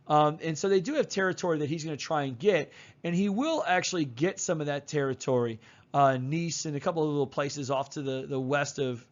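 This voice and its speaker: Chatty male history teacher, slightly high voice. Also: lo-fi sound. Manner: casual and chatty, with slang and fillers. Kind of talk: casual recorded lecture.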